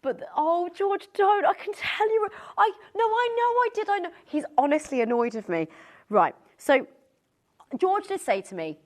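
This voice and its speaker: Woman, shopping-channel host, lively rising and falling pitch, excitable and gushing, faint music behind. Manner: gushing, excitable, chatty with many restarts. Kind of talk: live TV sales pitch.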